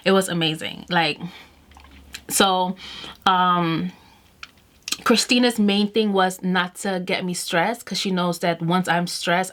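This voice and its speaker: A woman with a slightly low voice talks casually to her camera while doing her makeup. She tells a story in a chatty, animated way and acts out the lines of everyone in it. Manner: chatty and animated, quoting herself and others. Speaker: beauty vlogger. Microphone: camera mic while doing makeup.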